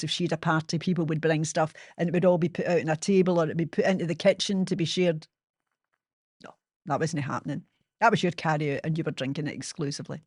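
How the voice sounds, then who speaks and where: A woman's voice: low-pitched, darkish tone, no echo, studio quality. A Glaswegian Scottish woman in her sixties, telling personal stories as a podcast host in a frank, chatty way, swearing freely and poking fun at herself. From Scotland. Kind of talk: personal storytelling monologue.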